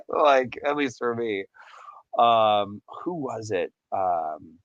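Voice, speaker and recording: Chatty man with lively voice. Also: lowish voice, extremely slow, no echo, lo-fi sound. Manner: chatty, rambling, laughs often, reads chat aloud. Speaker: livestream host. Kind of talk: casual chat with live chat.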